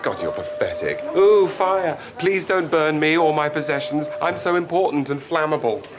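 A man's voice: fairly high pitch, animated, normal speed, natural voice. An actor playing a smug, mocking young man, speaking sarcastically. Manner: sneering, sarcastic. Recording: TV clip with background noise.

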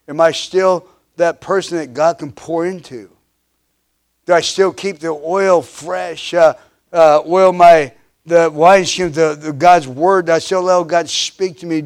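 A pastor in his fifties, his pitch fairly high, preaches with forceful refrains that come around again and again. His volume surges and recedes, and he keeps restarting sentences and saying "uh."

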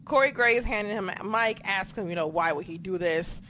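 A podcast co-host in a casual recap chat, who talks excitably, swears a lot and acts out their own reactions. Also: mid-range voice, moderate pace, slight background noise.

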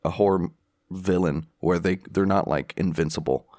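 A man's voice: sits low, moderate pace, a little mellow, dry recording. A man co-hosting a podcast movie review, talking in a laid-back way with dry quips and jokey asides. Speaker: podcast co-host. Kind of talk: casual movie review chat.

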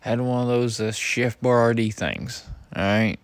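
A man's voice: medium pitch, fairly even intonation, unhurried, no echo. A young man venting in a profane personal rant, swearing heavily and griping in an exasperated way. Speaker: husband venting.

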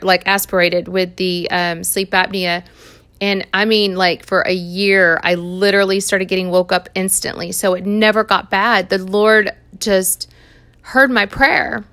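Speaking in a mid-range, pushed and bright voice, a Christian speaker shares her testimony earnestly and conversationally, with occasional laughter.

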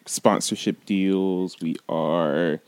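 Chatty low-voiced podcast co-host. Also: male voice, steady tone, extremely slow, darkish tone, no echo. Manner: upbeat, chatty, laughs often. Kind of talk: casual podcast chat.

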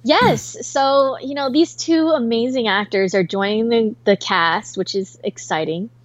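A woman's voice: a little high, a little slow, no room sound. A woman in her thirties chats easily as a podcast co-host. She rambles and swears now and then. Her voice comes through a little muffled, with a dry, close sound. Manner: chatty, rambling, swears casually. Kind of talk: casual chat.

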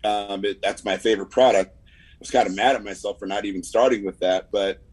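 A man's voice: on the low side, steady tone, a little fast, darkish tone, breathy edge, low-quality recording. A man from California's San Fernando Valley with a Southern Californian accent, giving a rambling, laid-back sales update on a video call, full of fillers and "man". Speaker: insurance agent giving a weekly report.

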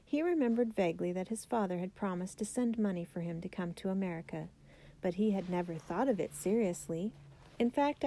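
Mellow woman reading a biography aloud. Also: medium pitch. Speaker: audiobook narrator.

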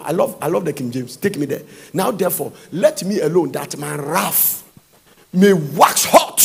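A man preaching a sermon, reading Bible verses aloud and breaking into fervent, sing-song shouts. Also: sits high, vocal fry, breathy edge.

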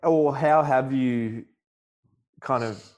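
A man's voice: mid-range voice, takes it slowly, a little mellow. A man hosting a podcast interview who asks questions tentatively and rephrases them with fillers. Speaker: podcast host.

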